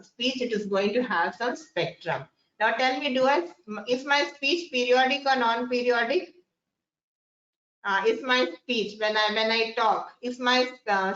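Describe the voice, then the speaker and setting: A woman giving a classroom lecture, often repeating phrases and putting questions to her students. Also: mid-range voice. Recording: echoey, dull lo-fi room sound.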